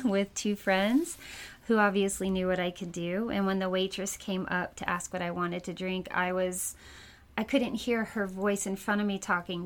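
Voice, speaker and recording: Chatty woman medium telling stories. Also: mid-range voice. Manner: chatty, animated storyteller who laughs often. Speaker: psychic medium guest. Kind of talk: casual interview storytelling.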